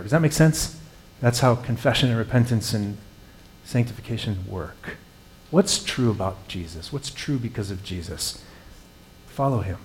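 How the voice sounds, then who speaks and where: A man's voice: fairly low pitch, animated, normal speed, a little hiss or hum. A man, a pastor with young children, preaching a sermon in an earnest, conversational way, rising into emphatic passages.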